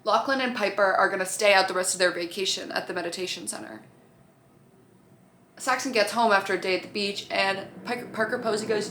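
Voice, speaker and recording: Talking to her camera about a TV show, a reviewer swears freely, chats casually, and performs the characters' lines. Her mid-range voice is brisk and fairly bright, with fairly even intonation and a little hiss or hum.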